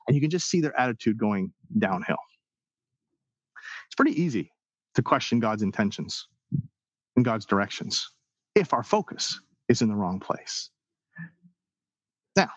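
A man preaching a sermon in an animated way, acting out the people's and God's words as he goes. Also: medium pitch, unhurried, long pauses, slightly rough, dry recording, highs cut off. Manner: animated preaching, acts out quoted voices. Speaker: pastor.

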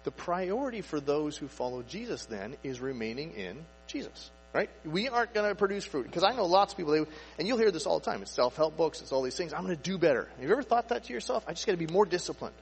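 A man preaching in a slightly high voice that rings around a hall with a long echo. He talks casually, tosses in rhetorical questions and acts out people's inner thoughts. A faint electrical hum sits under the recording. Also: very animated, fast talker, vocal fry. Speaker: pastor. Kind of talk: sermon. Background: faint mains hum.

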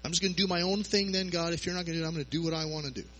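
A man's voice: fairly high pitch, rapid-fire, fairly bright tone, rough recording. Man putting on a whiny, sulking prophet. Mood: sulky. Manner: petulant, complaining.

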